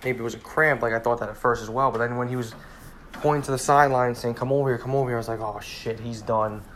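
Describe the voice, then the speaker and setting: Young man, 20, heated sports rant with profanity and rambling repeats; mid-pitched voice, faint noise behind. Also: fairly even intonation, rapid-fire, fairly bright tone. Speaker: sports fan vlogger. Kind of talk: casual ranting monologue.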